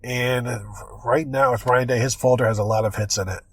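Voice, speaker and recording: A man's voice: medium pitch, fairly even intonation, brisk, fairly bright tone, breathy edge, dry recording. A man hosting a sports podcast in casual chat, full of jokes and sarcastic asides. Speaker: podcast host.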